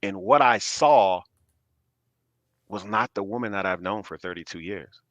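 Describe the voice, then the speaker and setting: A man's voice: on the low side, expressive, a bit bright, no echo, dull audio. Earnest man on a dry mic. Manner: earnest and measured, keeps adding "right?". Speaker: podcast guest. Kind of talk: casual chat.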